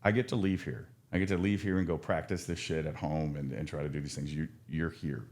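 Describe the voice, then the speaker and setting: Man, addiction counselor; deep voice, frank and earnest, lots of restarts. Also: steady tone, fairly quick, darkish tone. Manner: earnest, frank, with many restarts and casual swearing. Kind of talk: casual podcast conversation.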